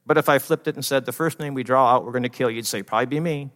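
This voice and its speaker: A man preaching a sermon in a church, animated and acting out panicked inner voices, laughing often between points. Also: medium pitch, fast talker. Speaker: pastor. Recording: long reverb of a church hall.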